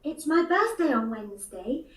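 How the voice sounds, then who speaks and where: A woman's voice: high-pitched, big pitch swings, normal speed. A cheerful teenage girl named Kate. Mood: friendly. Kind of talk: textbook listening dialogue. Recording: roomy classroom playback from far off.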